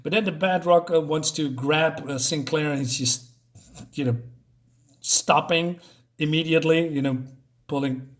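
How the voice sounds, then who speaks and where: A man's voice: fairly high pitch, fairly even intonation, unhurried, pauses often. A man casually reviewing a comic book, chatty and chuckling at his own jokes, with lots of fillers.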